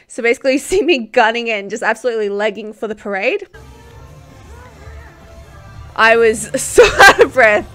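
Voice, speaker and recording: Woman, 20s, YouTuber, casual reaction vlog, gushing, excitable, slightly high voice. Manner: gushing, excitable, laughs often.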